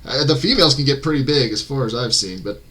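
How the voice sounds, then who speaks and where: A man streaming and chatting casually while drawing, relaxed and joking. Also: medium pitch, fast.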